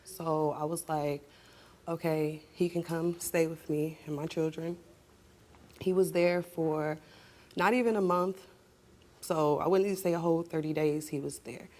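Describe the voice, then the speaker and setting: A woman's voice: deep voice, fairly even intonation, unhurried. A woman guest on a talk show telling an emotional story, her voice rising sharply when she argues. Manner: emotional, rising to shouting in arguments. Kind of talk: emotional confrontational testimony.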